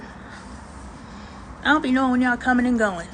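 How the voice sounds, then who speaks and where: A woman's voice: high-pitched, moderate pace, gravelly, long pauses, slight background noise, low-quality recording. A woman hosting a casual livestream chat, talking in a slangy, emphatic way with preachy asides and greeting viewers. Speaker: livestream host.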